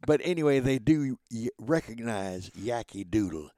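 A man's voice: medium pitch, animated, slow, long pauses, dark tone, no echo. A man in his nineties, a voice actor and guest, chatting in a folksy, jokey way. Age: 90s. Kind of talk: casual interview chat.

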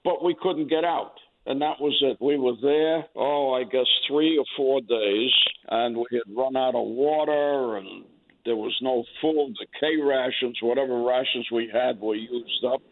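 An older man recounting his wartime memories in an interview, speaking in a plain, halting way with pauses. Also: medium pitch. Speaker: veteran interviewee. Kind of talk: oral history interview. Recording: tinny phone-like line.

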